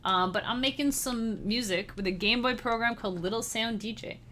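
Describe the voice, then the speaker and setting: A woman's voice: on the high side, normal speed, pushed and bright, slight background noise. A woman chatting casually with her live-stream chat as a musician, bubbly and giggly, speaking straight to her viewers. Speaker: livestreamer and chiptune musician.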